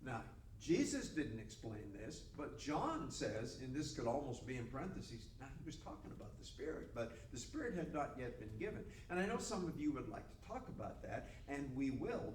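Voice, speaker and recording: Animated older man teaching a Bible class. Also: mid-range voice, moderate pace, hardly any pauses. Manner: folksy, joking, animated. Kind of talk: conversational Bible lesson. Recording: roomy room mic from far off, faint noise.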